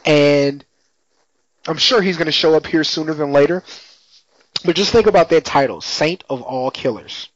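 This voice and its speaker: This man's voice sits a little high, and he moves at normal speed but pauses often as he casually recounts a TV episode. His manner is laid-back and full of slang and laughter, captured in dry, somewhat muffled lo-fi sound without echo.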